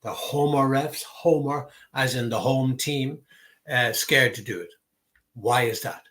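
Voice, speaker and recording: A man talks alone about football refereeing in a mid-pitched voice. He explains his points emphatically and leans on key words by repeating them. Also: unhurried, a bit bright. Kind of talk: solo opinion talk to camera.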